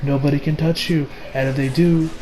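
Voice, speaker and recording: A man voicing a calm, menacing male killer who speaks slowly and quietly in a low tone. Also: slight background noise, close to an everyday voice, rough recording. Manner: low, quiet, slow and threatening.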